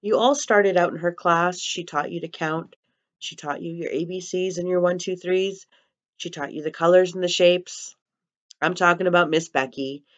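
A woman's voice: on the low side, steady tone, moderate pace. Woman host talking to little kids, upbeat and friendly, kinda dull lo-fi sound. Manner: upbeat, addressing children directly. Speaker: host of an early-years program. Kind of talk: friendly sign-off to young children.

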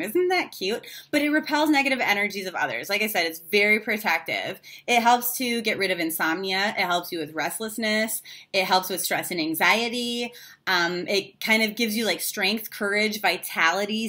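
A woman reads tarot to camera in a relaxed, candid way, sprinkling in fillers and the odd swear word. Her voice is bright and forward. She addresses her viewers directly. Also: mid-range voice. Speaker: tarot reader. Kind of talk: casual monthly horoscope reading to camera.

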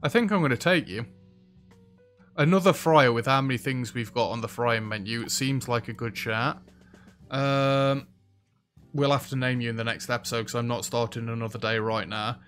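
A man giving casual, chatty commentary as he plays a restaurant sim, reacting loudly to what happens in the game. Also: mid-range voice, normal speed. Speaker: let's play host. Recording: faint background music.

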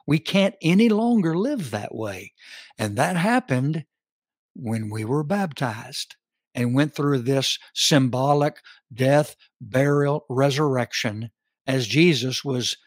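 A man teaching a Bible study on a podcast, reading scripture slowly with emphatic stress. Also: mid-range voice, slightly rough, no room sound, studio quality.

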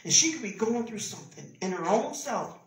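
A woman preaching a sermon with an emphatic, repetitive cadence, swinging between loud exclamations and hushed whispers. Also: medium pitch, expressive, brisk. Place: church sanctuary. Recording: roomy church sound from a distance.

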